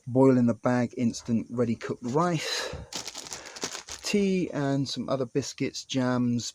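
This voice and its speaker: In a small indoor space at home, a man vlogs casually, rambling off the cuff and swearing mildly now and then. His mid-range voice is a little mellow, with slight background noise.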